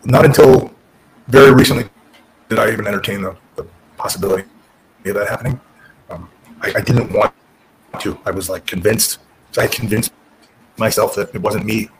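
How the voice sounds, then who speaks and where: A man's voice: on the low side, moderate pace, vocal fry, pauses often, background noise. A middle-aged man, a former pro wrestler, candidly telling his career story in an interview, frank and profane, often restarting his sentences.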